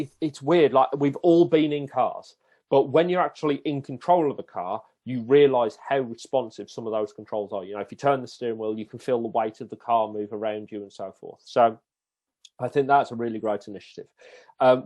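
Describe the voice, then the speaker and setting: Lively storytelling man. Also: medium pitch. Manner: lively anecdotal telling, acting out the voices in his stories. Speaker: podcast guest. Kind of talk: casual podcast storytelling.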